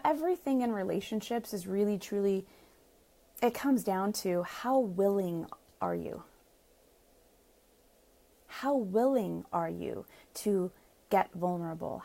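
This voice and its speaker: A woman's voice: medium pitch, creaky, mellow. A woman relationship coach answering viewer comments in a live Q&A, chatty and earnest, laughing often and acting out little quoted asides.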